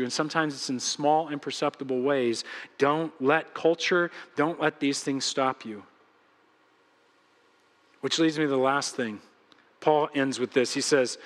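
A man's voice: fairly high pitch, moderate pace, a bit bright, big-room sound. A man preaching a sermon as pastor, earnest and pleading as he speaks straight to his congregation. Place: church sanctuary.

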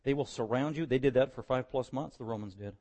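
A man preaching a sermon, moving between quiet verse-by-verse teaching and loud, impassioned stretches. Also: mid-range voice, fast.

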